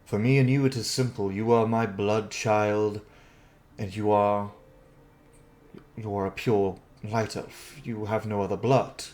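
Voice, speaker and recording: A man voicing a grave, protective elf father who speaks slowly and quietly. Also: lowish voice, flat delivery, close to an everyday voice. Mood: solemn. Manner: slow, solemn and hushed.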